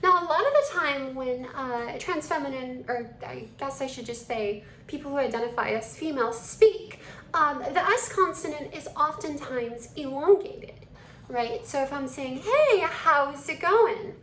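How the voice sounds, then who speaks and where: Woman, voice teacher, high pitch, echoey room. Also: normal speed, fairly bright tone, a little hiss or hum. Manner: switches between her own and a demonstrated male voice. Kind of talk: voice lesson demonstrating techniques.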